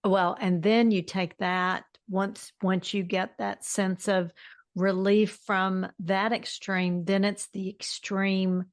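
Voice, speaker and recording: A woman co-hosting a casual spiritual podcast, agreeing and adding remarks in an unhurried way. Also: mid-range voice, little pitch movement, no echo, studio quality. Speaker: podcast co-host.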